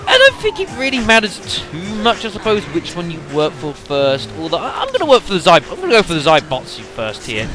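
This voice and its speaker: A man's voice: high voice, wildly swooping pitch, fairly quick, few pauses, over music. A young man giving rambling, casual commentary on a game he is playing, with fillers and sudden exclamations. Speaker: let's play commentator.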